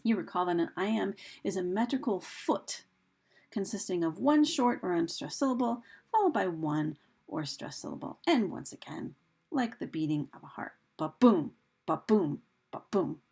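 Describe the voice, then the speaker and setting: A woman's voice: medium pitch, expressive, normal speed, vocal fry, darkish tone, breathy edge. A woman teacher talking through a recorded lesson over slides, chatty, with fillers and questions put to her students. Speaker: English teacher.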